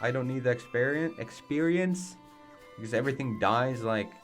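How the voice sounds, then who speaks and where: A man's voice: mid-range voice, moderate pace, faint music behind. A man doing casual let's play commentary, rambling in a laid-back way and swearing freely.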